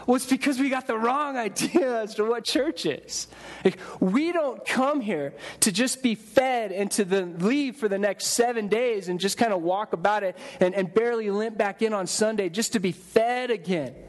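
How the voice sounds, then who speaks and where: Pastor, male, higher voice, chatty sermon delivery with restarts. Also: normal speed. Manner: conversational preaching with repeated restarts and acted-out quotes. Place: church sanctuary.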